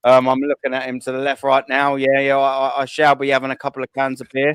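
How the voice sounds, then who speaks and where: A man hosting a live fan show, giving loud, boisterous shout-outs with plenty of swearing. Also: medium pitch, completely flat delivery, fast talker, clear, resonant tone, dry recording.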